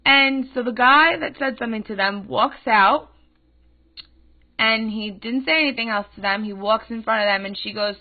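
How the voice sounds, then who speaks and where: A woman's voice: fairly high pitch, normal speed. Brief: 21-year-old woman, podcast host, indignant rant, tinny phone-like sound. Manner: indignant, emphatic, animated. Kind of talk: casual ranting storytelling.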